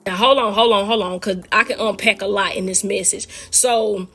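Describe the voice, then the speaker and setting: Husky-voiced woman teaching faith, casual. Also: medium pitch, moderate pace. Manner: animated, talks straight to listeners as "y'all". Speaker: speaker sharing a faith testimony. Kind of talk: casual spiritual teaching and storytelling.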